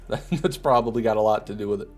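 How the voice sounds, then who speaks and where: A man's voice: on the low side, brisk, darkish tone, soft background music. A young man from Michigan with a Michigan accent, casually commentating a game stream and bantering with his chat in a joking, mock-indignant way. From Michigan, USA.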